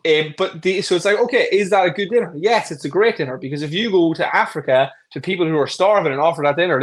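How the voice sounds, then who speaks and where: A man with a fairly high voice co-hosts a casual chat about fitness and food. He talks bluntly and with humor, and he slips into quick voices for the people he quotes. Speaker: podcast co-host, coach.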